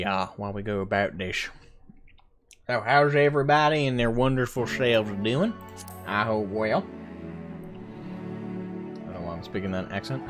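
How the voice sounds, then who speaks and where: A man streaming a game live, chatting casually and rambling to his viewers. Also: mid-range voice.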